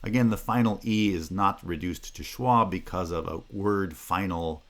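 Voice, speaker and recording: A man's voice: low-pitched, moderate pace, fairly bright tone. A man giving a recorded university lecture, explaining step by step with frequent "uh" fillers, self-corrections and example words repeated aloud. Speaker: linguistics lecturer.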